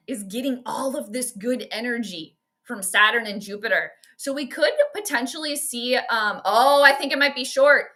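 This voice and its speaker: A woman's voice: high-pitched, bright, forceful tone. A woman hosting a live stream from home, giving casual game commentary in a rambling, chatty way and answering viewer comments. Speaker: host of an astrology sports livestream.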